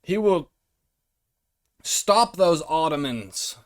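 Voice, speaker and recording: Man doing a giddy pompous royalist, high and drawn-out, camped-up posh sing-song. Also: lively intonation. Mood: mock-jolly. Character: pompous giddy male British royalist, twitchy and prim.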